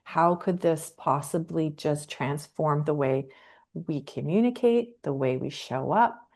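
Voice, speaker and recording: A middle-aged woman with a low voice chats as a podcast guest. Her tone is mellow and relaxed, and she sounds expressive and eager, often laughing as she talks. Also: unhurried. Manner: enthusiastic and expressive, laughs easily. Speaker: podcast guest, creative professional. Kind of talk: casual podcast conversation.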